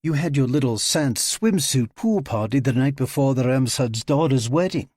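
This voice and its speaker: A man voicing a confident young woman hacker who answers with defiant, quick comebacks, his pitch lifted. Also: animated, a little mellow, no echo, studio quality, lightly acted.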